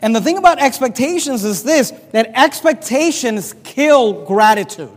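A man preaching a sermon, his voice sitting unusually high as he reads scripture and acts out the quotes. The sound rings with the long reverb of a big church hall. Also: normal speed. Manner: animated preaching, reading scripture aloud, acting out quotes. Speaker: pastor.

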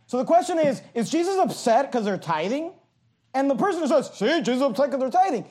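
A man preaching a passionate sermon, reading scripture slowly and emphatically and adding sarcastic asides. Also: very high voice, very animated, warm tone. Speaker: pastor.

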